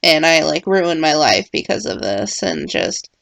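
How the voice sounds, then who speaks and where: A woman's voice: deep voice, big pitch swings, measured pace, creaky, a bit bright, no room sound. A young woman talking casually in a personal vlog, rambling and full of filler words. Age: young adult. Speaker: vlogger.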